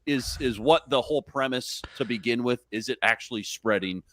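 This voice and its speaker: A man hosting a sports podcast and asking casual, meandering questions. His tone is bright and forceful, and he is recorded close and dry. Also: medium pitch, normal speed, no echo. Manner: casual questioner, loose and chatty. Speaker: podcast host.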